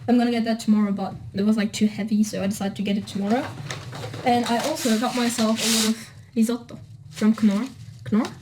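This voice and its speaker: A woman's voice: a little high, flat delivery, fast talker, darkish tone, slight background noise, low-quality recording. A woman in a casual vlog chatting about her shopping, upbeat and stumbling over foreign words. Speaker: vlogger in a clip.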